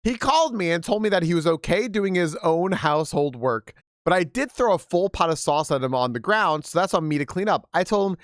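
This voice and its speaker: A man's voice: high-pitched, lively intonation, a little fast, hardly any pauses, dry recording, clean studio sound. A male game streamer chatting casually and reading stories aloud to his viewers, candid and profane, with laughing asides.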